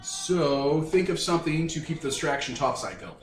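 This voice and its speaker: A man's voice: on the high side, expressive, moderate pace. A man running a tabletop game as game master, narrating in a loose, casual way with many fillers. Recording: echoey room with faint music.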